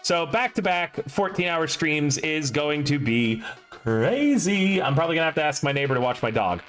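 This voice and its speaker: A man's voice: a little high, animated, a bit bright. Rambling casual streamer man, music behind. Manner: rambling, self-deprecating, quick asides. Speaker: streamer and game master.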